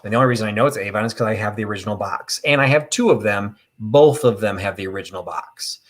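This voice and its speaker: A man's voice: lowish voice, fast talker. A man hosting a live online vintage sale, talking casually and rambling with self-deprecating asides and many fillers. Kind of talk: casual live-stream sales patter.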